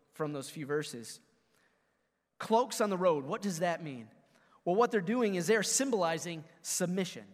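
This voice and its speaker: Pastor delivering a sermon, man with a high voice, booming then hushed, heard in a reverberant sanctuary. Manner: preaching with big swings from booming to hushed; talks directly to the congregation.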